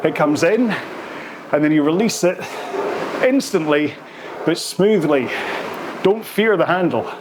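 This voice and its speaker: A man's voice: a little high, lively intonation, unhurried, pauses often. Breathless male rowing coach, noisy backdrop. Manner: encouraging, counts strokes aloud while rowing. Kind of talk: follow-along workout coaching.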